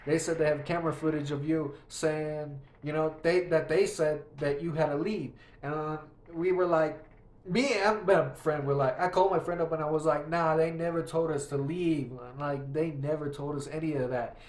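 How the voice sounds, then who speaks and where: A man's voice: a little high, steady tone, normal speed, darkish tone, reverberant. A young man telling a story in a rambling, profane, casual way, often restarting his sentences while he plays a game. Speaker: vlogger.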